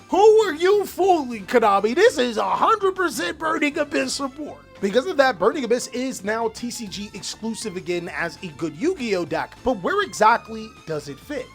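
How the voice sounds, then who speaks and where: Animated, jokey male gaming host. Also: very high-pitched. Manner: animated, jokey, trash-talking. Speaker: YouTube host. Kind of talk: casual gaming commentary.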